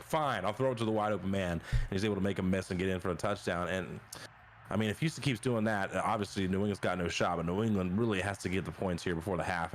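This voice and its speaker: A man giving quick, relaxed color commentary on a simulated football game during a live stream. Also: fairly low pitch, slight background noise. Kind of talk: esports sim football commentary.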